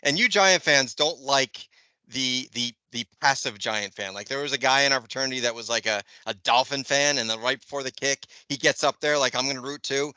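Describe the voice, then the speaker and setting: A man in his fifties, a podcast co-host, telling an animated story in casual chat and swearing freely. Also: mid-range voice, brisk, clear, resonant tone, no room sound. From Northeastern US. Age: 50s. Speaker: podcast co-host, Jets fan.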